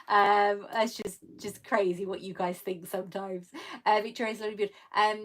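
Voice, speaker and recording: A middle-aged woman talks casually into a computer mic during a live stream. She rambles, warm and self-mocking, and breaks off to greet viewers by name. Her pitch sits in the middle of the usual range for a woman. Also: flat delivery, a little fast. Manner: chatty and self-mocking, reading comments aloud, laughing often. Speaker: YouTuber answering live chat.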